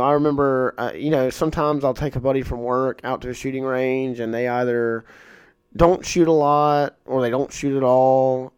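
A man's voice: medium pitch, darkish tone, clean tone, dry recording, clean studio sound. A man hosting a podcast, telling stories in a casual, rambling way with lots of fillers and frank talk. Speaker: podcast host. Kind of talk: casual storytelling monologue.

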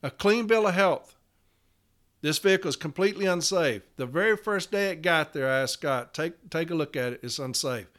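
A man's voice: a little high, expressive, moderate pace, a bit bright. A man telling a work story in a casual podcast as a union representative, blunt and emphatic, swearing freely.

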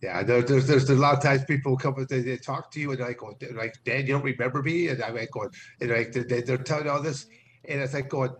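A man's voice: medium pitch, steady tone, a little fast, a little hiss or hum. A man co-hosting a podcast, talking casually and repeating words as he gathers his thoughts. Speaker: podcast co-host. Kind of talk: casual chat.

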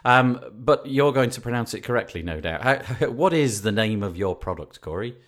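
A middle-aged man with a Northern English accent, hosting a podcast interview in a chatty, animated way and laughing easily. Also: medium pitch, moderate pace. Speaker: podcast host.

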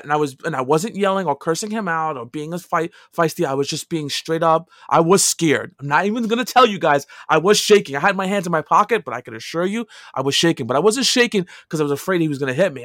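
Man, middle-aged, casual storytelling, animated, quiet asides and loud emphatic bursts, slightly high voice. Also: fast talker, hardly any pauses, no echo, studio quality. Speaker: podcast co-host telling a story.

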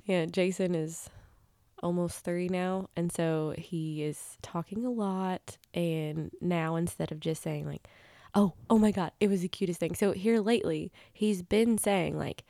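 A woman's voice: fairly low pitch, fairly even intonation, unhurried, dark tone, dry recording, clean studio sound. A woman in her thirties co-hosting a podcast from home, chatting casually, telling stories and laughing often. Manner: chatty, giggly, storytelling. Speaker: podcast co-host. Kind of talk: casual chat.

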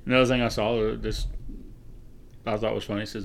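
A man's voice: on the low side, brisk, creaky, pauses often, slight background noise. A middle-aged man co-hosting a podcast, telling funny stories in a casual chat and acting out the voices of people he quotes. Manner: relaxed storyteller, acts out quoted voices. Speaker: podcast co-host.

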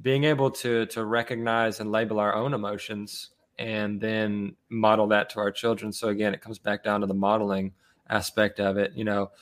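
A man's voice: lowish voice, level tone, normal speed. A man hosting a casual podcast discussion among fathers, talking earnestly with many fillers and restarts. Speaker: podcast host leading discussion.

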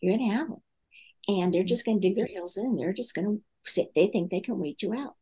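A middle-aged woman, a guest speaker on parenting, tells a family story in a relaxed conversation, acting out the dialogue with many fillers. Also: mid-range voice, a little fast, slightly rough.

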